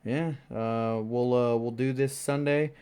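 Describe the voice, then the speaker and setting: A man's voice: mid-range voice, steady tone, a little slow, mellow, smooth. A man hosting a casual racing podcast, talking loosely with lots of fillers and laughing at himself. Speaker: podcast host and sim racing driver. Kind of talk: casual chat.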